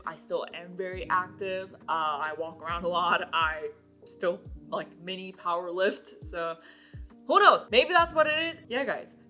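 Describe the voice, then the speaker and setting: Chatty young woman with a bright voice. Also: fairly low pitch. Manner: chatty, many fillers, laughs often. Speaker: vlogger. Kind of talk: casual chat to camera.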